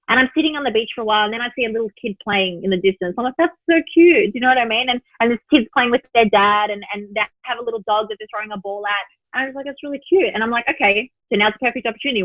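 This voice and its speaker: A woman spiritual teacher, a podcast guest, telling an example story in a lively way and voicing her own thoughts. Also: a little high, no echo. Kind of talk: podcast interview. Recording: tinny phone-line sound, dry.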